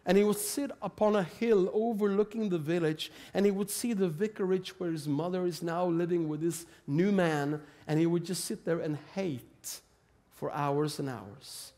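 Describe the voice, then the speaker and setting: A male preacher speaks with a Swedish accent in a fairly high, light voice. He tells a story as part of his sermon, earnest and plain. He often lets his voice soften and slow down. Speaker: pastor.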